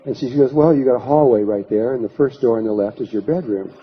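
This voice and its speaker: A man's voice: medium pitch, quick pace, slightly rough. A man giving a workshop talk, telling a long story and acting out what people said. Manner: anecdotal, acts out quoted voices, many restarts. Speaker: workshop speaker. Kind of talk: storytelling lecture. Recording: dull lo-fi recording.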